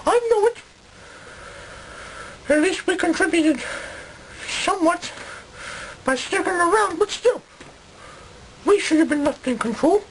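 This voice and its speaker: A man's voice: extremely high pitch, animated, measured pace, pauses often, a bit bright, a little hiss or hum, voice pushed up, full character voice, low-quality recording. A man voicing a bitter Swedish colonist complaining about being run off, in a comedy sketch.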